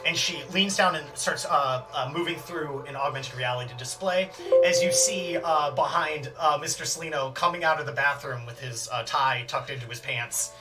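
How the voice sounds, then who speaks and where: A man's voice: on the high side, moderate pace, recorded from a distance, loud music behind the voice. A man narrating as game master of a tabletop game, rambling with many fillers.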